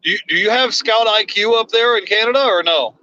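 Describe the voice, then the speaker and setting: Livestream host, male, high bright voice, rambling and chatty, dull lo-fi stream sound. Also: brisk. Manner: rambling, restarts often, reads viewer comments aloud. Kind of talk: casual live chat.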